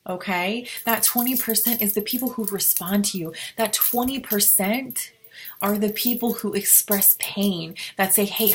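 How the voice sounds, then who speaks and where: A woman's voice: mid-range voice, a little hiss or hum. A woman giving casual motivational advice to her team, acting out both sides of the conversations she describes. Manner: chatty, role-plays both sides of conversations.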